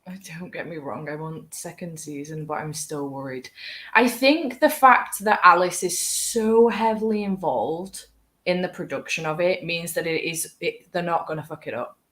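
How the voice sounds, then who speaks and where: A woman's voice: lowish voice, normal speed, a bit bright, reverberant. A British woman in her twenties chatting casually as co-host, enthusiastic and rambling. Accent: British English. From Britain. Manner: enthusiastic, rambling, laughs often. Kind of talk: casual chat.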